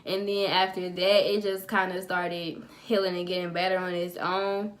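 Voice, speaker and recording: A woman's voice: on the low side, little pitch movement, normal speed. A young woman vlogger telling a personal story to camera in a chatty, profane, dramatic way.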